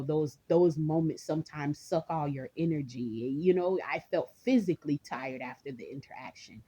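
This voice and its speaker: A woman's voice: deep voice, dark tone, husky, dull audio. A woman vlogger in a casual rant, rambling and chatty, talking straight to her viewers and laughing often.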